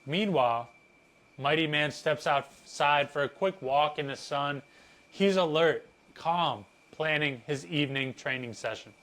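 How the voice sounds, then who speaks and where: A man's voice: on the high side, measured pace, fairly bright tone. Playful man reading a story aloud. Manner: playful, chatty, laughing at his own reading. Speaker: fitness content creator.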